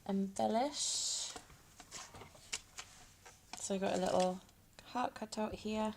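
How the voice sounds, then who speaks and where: A woman hosting a craft tutorial, hesitant with many ums, dropping to soft murmurs as she works with her hands. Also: mid-range voice, slow, vocal fry, pauses often, background noise. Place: home craft space.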